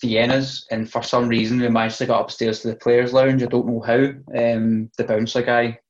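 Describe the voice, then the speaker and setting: A man's voice: medium pitch, flat delivery, moderate pace. Young scottish guy, sweary storyteller, podcast chat, bit muffled lo-fi sound. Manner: swears freely, storytelling with laughs. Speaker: podcast co-host. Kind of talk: casual chat.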